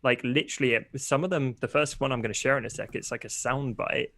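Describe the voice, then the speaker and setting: A man's voice: mid-range voice, fast talker, a bit bright. Enthusiastic British male co-host. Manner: enthusiastic, earnest. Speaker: podcast co-host. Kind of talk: casual business podcast chat.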